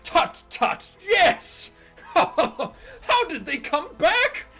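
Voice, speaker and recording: A man's voice: very high voice, sing-song, drawn-out words, pushed and bright, soft background music, pitched above the performer's own voice, full character voice. A man voicing Billingston, a jolly, pompous nobleman in a tabletop game, with blustering upper-class exclamations.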